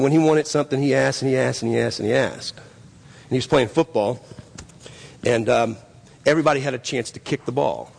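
Gravelly preacher man in a reverberant hall. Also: mid-range voice. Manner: repetitive, emphatic preaching with many restarts. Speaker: pastor. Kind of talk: sermon. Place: church sanctuary. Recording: long reverb of a church hall.

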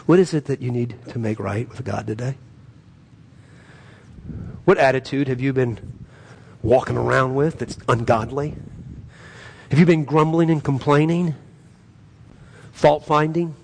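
A man with a gravelly, husky voice preaches as a pastor. He talks in an earnest, pleading way, and his emphasis swells through the prayers. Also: mid-range voice, a little slow, long pauses, a little mellow. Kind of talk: sermon and prayer.

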